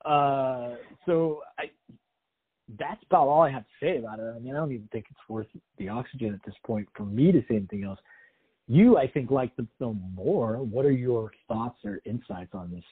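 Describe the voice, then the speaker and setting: A man's voice: medium pitch, normal speed, husky. A man co-hosting a podcast, chatting casually and sarcastically about a movie, rambling with wry jokes. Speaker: podcast co-host. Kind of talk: casual movie review chat. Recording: tinny phone-like sound.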